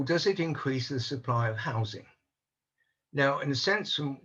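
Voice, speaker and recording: Husky older man giving a skeptical talk. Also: mid-range voice, lo-fi sound. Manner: measured, analytical, openly skeptical. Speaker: panel speaker on housing policy. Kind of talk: online conference talk.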